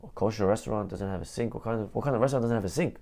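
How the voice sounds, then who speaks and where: Guy doing a rabbi character, coaxing and full of questions, gravelly. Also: lowish voice, racing, dark tone, voice pushed down. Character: patient older rabbi growing alarmed.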